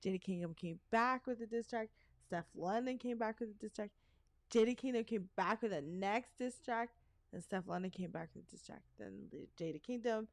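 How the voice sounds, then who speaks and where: A woman's voice: medium pitch, moderate pace, no room sound, studio quality. A middle-aged woman co-hosting a podcast, telling stories in a chatty, rambling way with asides. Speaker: podcast co-host. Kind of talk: casual chat.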